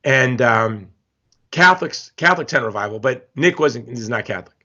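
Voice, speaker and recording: A man from Hawaii, a guest in a casual interview, talking in an emphatic, animated storytelling way. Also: medium pitch, normal speed. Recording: slightly dull lo-fi audio.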